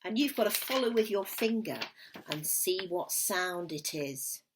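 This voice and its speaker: Teacher, woman: patient, slow, with a lively pitch that rises and falls, teaching little children music, slight hiss. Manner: slow, patient and encouraging, drops to a whisper at times. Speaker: primary school music teacher. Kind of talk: recorded music lesson for young children.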